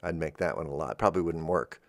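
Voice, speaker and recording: A man hosting a freeform radio show from a studio, rambling gently in a musing monologue. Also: very deep voice, fast, dry recording. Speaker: radio host.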